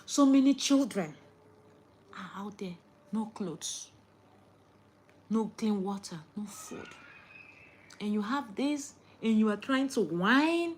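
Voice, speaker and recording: A young woman, lecturing viewers in a casual chat to camera and swinging between loud outbursts and hushed asides. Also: medium pitch, animated, slow, long pauses. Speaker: vlogger.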